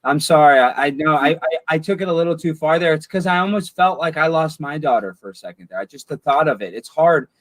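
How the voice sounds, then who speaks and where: A man's voice: on the high side, lively intonation, fast talker, hardly any pauses, dry recording, poor audio. A man chatting in a comedy sketch, earnest and sheepish, often stumbling and restarting his words. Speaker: comedy co-host. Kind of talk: deadpan comedic chat.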